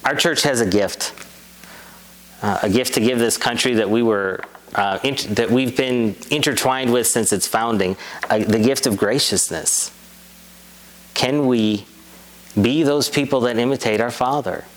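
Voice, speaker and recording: A man's voice: mid-range voice, slight background noise, low-quality recording. Earnest man preaching. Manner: earnest, measured preaching with rhetorical repetition. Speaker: priest. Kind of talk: sermon.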